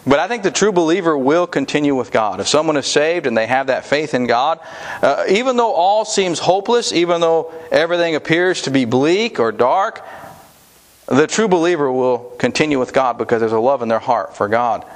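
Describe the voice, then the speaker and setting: A man's voice: on the high side, animated, moderate pace. A man preaching a sermon in a conversational way, with asides and restarts. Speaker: pastor.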